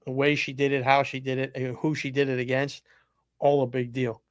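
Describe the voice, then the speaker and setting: A man's voice: mid-range voice, flat delivery, a little fast, no room sound, studio quality. Man co-hosting a sports betting show. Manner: brief agreeing replies, plain and direct. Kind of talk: casual sports talk.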